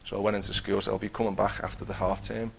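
A man's voice: lowish voice, little pitch movement, very fast, creaky, slight background noise. A man giving an earnest personal testimony, telling his story with many restarts. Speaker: testifying believer.

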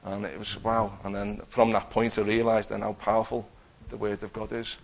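A man's voice: lowish voice, monotone, normal speed, gravelly. A man giving an earnest personal testimony, telling his story with many restarts. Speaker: testifying believer.

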